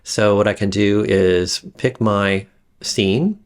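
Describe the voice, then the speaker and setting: A man giving a casual screen-recorded software tutorial, rambling with frequent fillers and restarts. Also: fairly low pitch, slow. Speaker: instructor demonstrating software.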